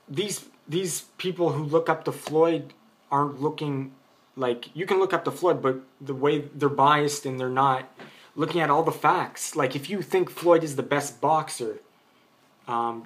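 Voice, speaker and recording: A man's voice: a little high, fairly bright tone. Argumentative man ranting about boxing. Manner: argumentative, rambling with restarts. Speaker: boxing commentator. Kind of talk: unscripted opinion vlog.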